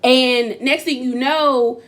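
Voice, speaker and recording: A young woman recapping a reality show in casual chat, sassy and animated, acting out what people said. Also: sits high, slow. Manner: sassy, animated, acts out quotes.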